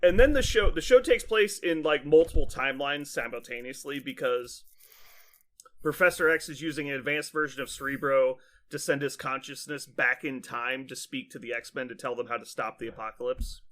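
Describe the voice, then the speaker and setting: A man's voice: mid-range voice, normal speed. A man on a podcast, casually retelling a cartoon plot with lots of fillers, acting out the characters' lines and laughing as he goes. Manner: animated storyteller, acts out lines, laughs often, many fillers. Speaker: podcast host.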